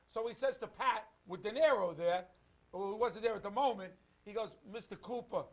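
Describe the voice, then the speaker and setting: New talk show host guy, rambly, keeps restarting, highish voice. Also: fairly bright tone. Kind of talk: casual talk show chat.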